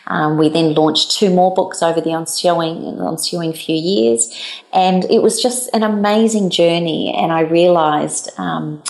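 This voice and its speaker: A woman's voice: fairly low pitch, measured pace, gravelly, reverberant. A woman from New Zealand, a business founder, telling her story as an interview guest and acting out the dialogue she quotes. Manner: animated, acts out quoted dialogue.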